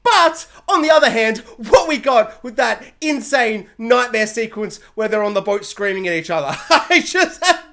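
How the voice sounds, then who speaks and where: A reviewer giving a comedic spoiler review, animated and jokey, often acting out characters in silly voices. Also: medium pitch, normal speed, few pauses. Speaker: TV show reviewer.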